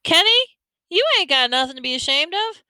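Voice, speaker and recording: A woman's voice: high voice, expressive, brisk, pushed and bright, no room sound, pitched above the performer's own voice, full character voice. A woman reader voicing a tough teenage boy who talks slangy and bossy to his little brother. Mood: scolding. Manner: slangy, scolding, street talk.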